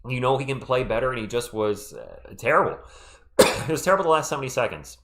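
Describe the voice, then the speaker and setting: A man hosting a casual live play-by-play stream, calling plays and answering chat with an animated delivery while losing his voice. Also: medium pitch. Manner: animated, quick play calls mixed with chat shout-outs.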